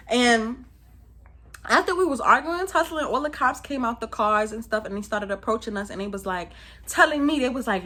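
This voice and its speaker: A young woman from Brooklyn with a New York accent, telling a story in a lively, slangy, casual vlog style. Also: fairly high pitch, moderate pace. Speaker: vlogger.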